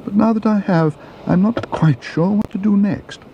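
A man's voice: high-pitched, normal speed, warm tone, lo-fi sound, a little hiss or hum, pitched above the performer's own voice. A man voicing a polite, earnest small bear in a storybook reading.

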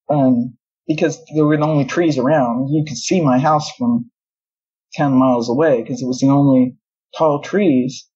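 Woman, guest, husky, warm and dark tone, rambling casual storytelling, dull lo-fi recording. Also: very deep voice. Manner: rambling, with many asides and self-corrections. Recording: dull lo-fi audio.

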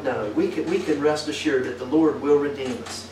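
A man's voice: medium pitch, steady tone, normal speed, background noise. A man preaching a folksy sermon, tossing questions back at his congregation. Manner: asks the congregation many tag questions. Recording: echoey room picked up from a distance.

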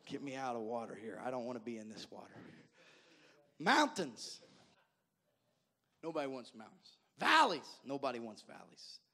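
A male pastor telling folksy stories in a sermon, addressing the congregation directly and repeating words as he goes from loud to soft. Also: medium pitch, very animated, normal speed, long pauses. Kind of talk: sermon storytelling.

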